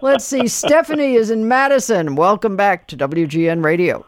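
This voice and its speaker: A woman hosting a radio call-in show, relaxed and encouraging with quick asides. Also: medium pitch, no room sound. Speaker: radio talk show host. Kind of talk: casual radio chat.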